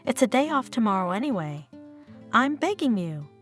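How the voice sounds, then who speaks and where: A woman reading the lines of a gentle, worried young husband in a story. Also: a little high, big pitch swings, moderate pace, faint music behind. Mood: pleading.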